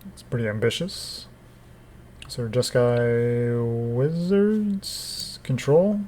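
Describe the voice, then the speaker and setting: Man, casual gameplay commentary, dry wry remarks, average pitch. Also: drawn-out words, dark tone. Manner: dry, wry asides to the opponent.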